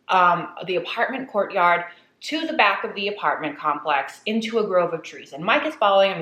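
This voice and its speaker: Chatty woman in an echoey room. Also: fairly low pitch. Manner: chatty, animated retelling. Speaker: vlogger telling a horror story. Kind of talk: casual storytelling while eating.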